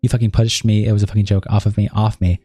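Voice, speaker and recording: A man hosting a livestream, quickly reading text messages and written statements aloud. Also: lowish voice, little pitch movement, dark tone, no echo, studio quality. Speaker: livestream host.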